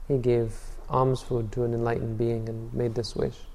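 Calm meditation teacher guy telling stories, mellow low tone, repeats himself, big hall echo. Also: normal speed. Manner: calm storytelling, frequent restarts and repeated words. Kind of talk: Buddhist dharma talk. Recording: long reverb hall.

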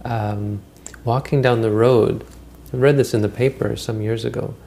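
A man's voice: medium pitch, steady tone, normal speed, gravelly, mellow. A man giving a Buddhist dharma talk, retelling old stories in a rambling, conversational way with frequent restarts. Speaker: Buddhist teacher.

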